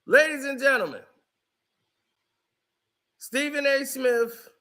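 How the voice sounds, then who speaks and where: A man's voice: very high-pitched, takes it slowly, sharp tone. A man commentating on a clip, mocking the speaker in a theatrical way. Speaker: online commentator reacting to a clip. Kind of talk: reaction commentary.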